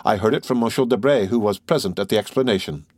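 A man's voice: on the low side, fast talker, a little mellow, no echo, close to an everyday voice. A man voicing a fashionable middle-aged baroness who chats in a simple, matter-of-fact way in an audiobook reading. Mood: chatty.

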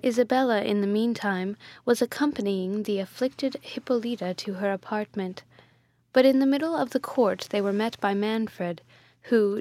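A woman narrating a gothic novel in a measured, even storytelling voice. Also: medium pitch, no echo. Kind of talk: audiobook reading of a gothic novel.

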